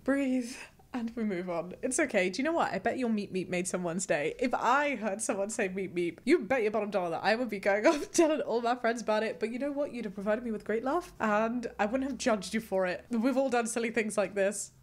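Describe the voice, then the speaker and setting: A woman's voice: fairly high pitch, a little fast. Bubbly, giggly young woman. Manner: bubbly, giggly, self-mocking. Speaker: host. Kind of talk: casual chat.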